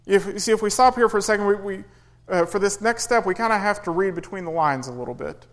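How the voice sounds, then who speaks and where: Man preaching, high voice, earnest, swells and drops for emphasis. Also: fast talker, low-quality recording. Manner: earnest, rises and falls for emphasis, acts out quoted pleas. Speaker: pastor. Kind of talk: sermon.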